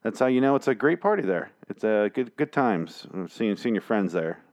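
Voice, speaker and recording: A man's voice: lowish voice, expressive, moderate pace, darkish tone. A man recapping comic chapters in a casual, rambling, sarcastic monologue, swearing freely and slipping into mock voices. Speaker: comic book reviewer.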